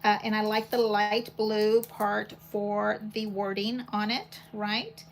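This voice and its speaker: In a casual craft demo, a paper crafting host talks slowly in a medium-pitched voice, chatting and rambling as she thinks aloud at her work. She records at home, and the poor audio has steady background noise.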